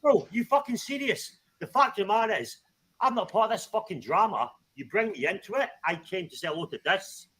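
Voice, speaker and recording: Give me a man with a high-pitched voice who is furious and swearing during a livestream argument. He keeps cutting in and demanding that the other person stop talking. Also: animated, fairly quick, fairly bright tone, slightly rough. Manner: angry, swearing, exasperated. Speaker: livestream guest.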